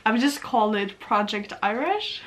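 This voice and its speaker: A woman's voice: medium pitch, steady tone, unhurried, a bit bright. A young Norwegian woman with a Norwegian accent, rambling nervously in a casual vlog at home, often correcting herself. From Norway. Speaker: vlogger. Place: at home near her computer.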